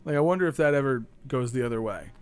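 A man's voice: mid-range voice, animated, fast talker, clear, resonant tone. A man chatting casually with friends, joking around and laughing often. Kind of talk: casual banter.

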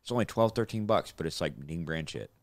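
Deep-voiced laid-back man, casual chat. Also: animated, fast, dry recording, clean studio sound. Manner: laid-back, swears a lot, laughs often.

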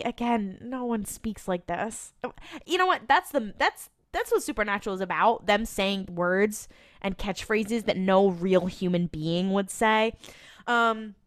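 A woman's voice: mid-range voice, a little slow, a bit bright, clear, resonant tone. A woman co-hosting a podcast, chatting casually as she retells scenes with quoted lines and the odd swear. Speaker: podcast co-host. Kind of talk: casual recap chat.

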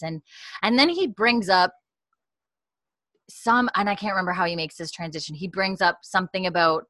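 Woman, casual storyteller, acts out quotes, low voice, dry close sound. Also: normal speed, no echo. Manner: lively storyteller, acts out quotes, laughs often. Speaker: podcast co-host recapping a show. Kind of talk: casual chat.

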